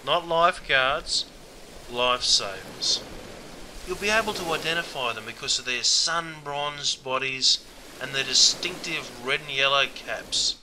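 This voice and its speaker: A man's voice: mid-range voice, a little slow, noisy background. An Australian man narrating a comic script, chummy and calling the listener mate all the time. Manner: chummy, says mate constantly. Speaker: narrator and host.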